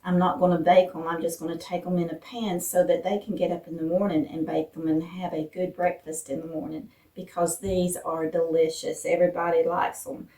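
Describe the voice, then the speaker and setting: A woman from Appalachia hosting a casual cooking vlog in her home kitchen, chatting homey with fillers, her voice a bit rough from morning. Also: on the low side, level tone, fairly quick, few pauses, mellow. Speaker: vlog host. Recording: roomy echo, distant mic.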